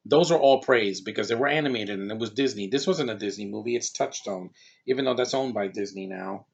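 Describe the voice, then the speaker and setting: A man's voice: lowish voice, fairly quick, gravelly, breathy edge. Rambling man reviewing a movie, lo-fi. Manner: rambling, digressive. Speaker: film reviewer. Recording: dull lo-fi recording.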